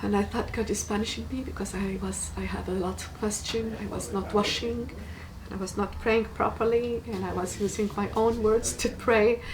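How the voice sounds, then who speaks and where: A woman from Tunisia, giving a personal testimony in an earnest, halting way and repeating words for emphasis. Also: mid-range voice, steady tone, recorded from a distance, noisy background. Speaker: guest giving a faith testimony.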